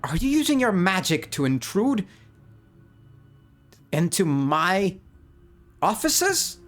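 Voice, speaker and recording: A man's voice: sits high, sing-song, takes it slowly, a bit bright, soft background music, voice pushed up, exaggerated voice. A man voicing a scheming noblewoman councilor who acts falsely outraged. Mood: indignant. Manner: mock-indignant, falsely outraged.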